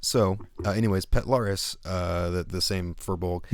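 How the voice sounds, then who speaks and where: A man's voice: sits low, steady tone, moderate pace. A man narrating as game master of an online tabletop game, rambling with lots of fillers.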